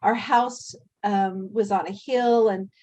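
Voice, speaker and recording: A woman leads a reflective session on spiritual growth. Her voice sits at a middle pitch. She speaks in a measured, earnest way and draws others in with questions. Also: steady tone, dark tone, poor audio. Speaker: workshop host.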